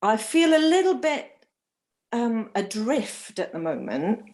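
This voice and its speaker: A woman's voice: on the high side, big pitch swings, slow pace, a little mellow. A woman from London calling in, emotional and hesitant, close to tears, with many restarts. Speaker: caller. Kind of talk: phone-in call.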